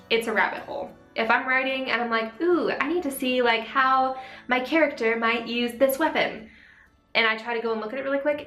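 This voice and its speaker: A young woman vlogger, slightly sick and out of breath, chatting quickly through viewer questions with lots of "like" and "um". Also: on the high side, sharp tone. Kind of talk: casual Q&A vlog. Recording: echoey room, faint music.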